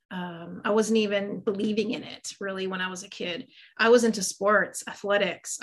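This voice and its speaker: A middle-aged woman, a guest on an interview, chatting about her life in a casual, self-deprecating way with lots of fillers. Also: mid-range voice. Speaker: guest, psychic medium and Reiki master.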